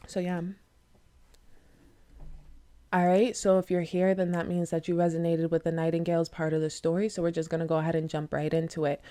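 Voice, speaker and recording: A woman's voice: fairly low pitch, a little mellow, clear, resonant tone. A woman chatting casually as she retells a fable and reads oracle cards, rambling with many fillers and tag questions. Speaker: tarot and oracle card reader. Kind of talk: casual storytelling and card reading.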